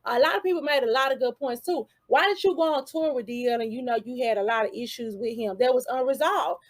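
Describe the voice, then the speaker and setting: Woman host, high voice, casual commentary, chatty, rhetorical questions. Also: quick pace. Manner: conversational, many rhetorical questions and asides.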